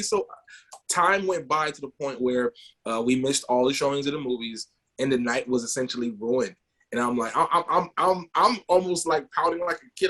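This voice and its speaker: Animated storytelling man on a podcast. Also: mid-range voice, moderate pace. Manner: animated, repeats words when wound up. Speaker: podcast co-host.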